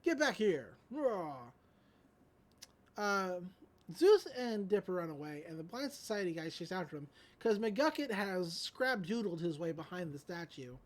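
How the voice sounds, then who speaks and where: A woman hosting a podcast, retelling a cartoon episode in casual chat with animated storytelling and quick character voices. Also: fairly low pitch. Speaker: podcast host.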